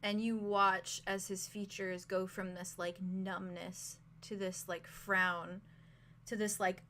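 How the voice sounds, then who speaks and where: A woman narrating as game master of a tabletop game, describing scenes slowly with many fillers. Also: mid-range voice, level tone, sharp tone, a little hiss or hum. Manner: slow, filler-laden, vivid description.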